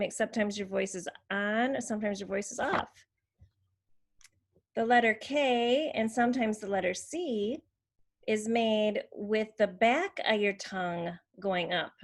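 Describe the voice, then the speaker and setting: A woman speech language therapist, patiently explaining how letter sounds are made and modeling each one. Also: on the high side. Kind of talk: instructional demonstration.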